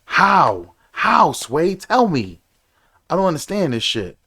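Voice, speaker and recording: A man delivers a heated, preachy rant straight to camera. He stumbles and repeats himself as his frustration builds. His voice sits slightly high. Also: big pitch swings, slow pace, creaky, sharp tone. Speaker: commentator.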